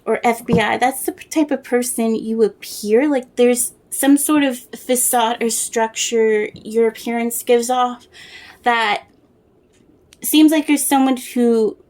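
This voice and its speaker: Rambling soft-spoken tarot reader woman. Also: a little high, fairly even intonation, slow pace. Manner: rambling, searching for words, many fillers and restarts. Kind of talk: casual tarot reading to camera.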